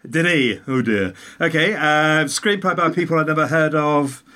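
A man chatting casually, telling a long story with animated asides and tangents. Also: fairly high pitch, moderate pace. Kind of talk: casual chat.

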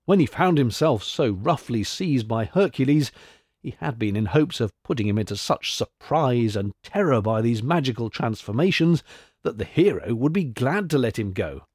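A male narrator reading a classic tale aloud in a measured, expressive way. His pitch sits in an ordinary middle range. The recording is close and dry, with no room sound. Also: husky, no room sound.

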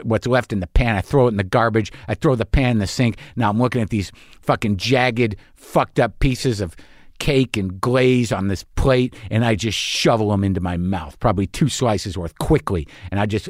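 A man's voice: medium pitch, dry recording, studio quality. A man hosting a podcast, telling a comic story in a profane, self-mocking rant. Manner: profane, self-deprecating ranting. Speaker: podcast host. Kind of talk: comic monologue.

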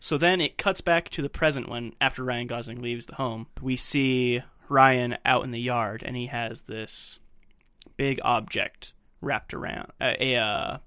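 A man co-hosts a relaxed film podcast, recapping scenes and sharing trivia about the shoot. His voice sits in a middle range, and the recording is dry with no room sound. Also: mid-range voice, measured pace, clear, resonant tone, no echo. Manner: recaps scenes and shares behind-the-scenes fun facts. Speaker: podcast co-host. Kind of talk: casual film discussion.

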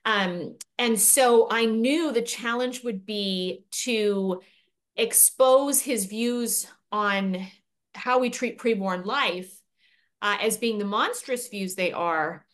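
Canadian-born woman guest, fluent and articulate, mid-pitched voice. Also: slow pace, fairly bright tone. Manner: articulate, fluent storytelling with light laughs. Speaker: guest, pro-life speaker and author. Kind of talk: conversational interview answers.

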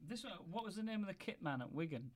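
High-voiced man asking questions on a podcast. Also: animated, quick pace. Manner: asks questions, joking. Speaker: podcast co-host. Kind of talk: casual chat.

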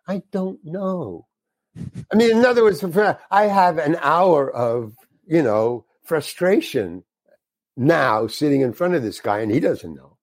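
An older man, a guest actor, telling a frank, animated story and acting out the dialogue in it. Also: fairly high pitch, unhurried, no room sound. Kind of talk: anecdotal storytelling.

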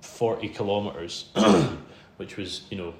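A man's voice: on the low side, slow, creaky. Chatty Scottish man in a roomy space. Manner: chatty, self-deprecating, laughs while telling the story. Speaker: podcast host interviewed as guest. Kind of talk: casual storytelling in a podcast interview. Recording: roomy room sound with faint background hum.

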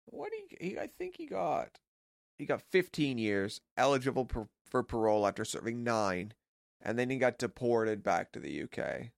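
A man's voice: medium pitch, big pitch swings, moderate pace, gravelly, no echo, studio quality. A man co-hosting a podcast, telling a story in casual chat with jokey asides. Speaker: podcast co-host.

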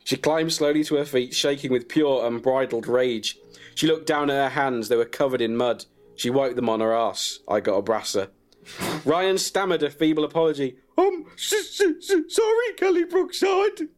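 A man narrating a comic story in a deadpan way, chuckling at his own jokes. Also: mid-range voice, normal speed, faint music behind. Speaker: comedian storyteller.

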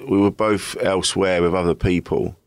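A middle-aged English comedian talking candidly as a guest, rambling and self-deprecating, often laughing. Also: male voice, low-pitched, steady tone, normal speed, no echo. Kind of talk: candid casual chat.

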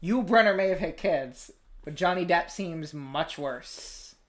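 Chatty joking podcast co-host. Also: medium pitch. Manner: joking, chatty, quick asides. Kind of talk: casual chat.

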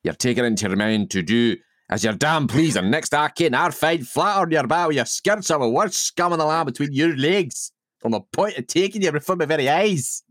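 A man reading the part of an angry young Highland husband who scolds his wife, in a put-on Scottish accent. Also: animated, brisk, fairly bright tone, no echo, clean studio sound. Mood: furious.

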